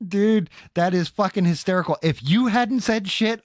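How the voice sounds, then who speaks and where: A man streaming and chatting loosely, cursing a lot and laughing. His voice sits a bit high for a man, close and dry on a headset mic. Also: moderate pace, hardly any pauses, no room sound. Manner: laughing, swearing a lot, animated storytelling. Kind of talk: casual stream chat.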